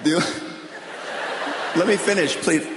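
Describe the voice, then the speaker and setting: Middle-aged male stand-up, dry deadpan drawl, slightly high voice, live in a reverberant hall. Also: unhurried, noisy background. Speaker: stand-up comedian. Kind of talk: stand-up comedy. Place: large hall on stage. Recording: roomy, long hall reverb, audience ambience.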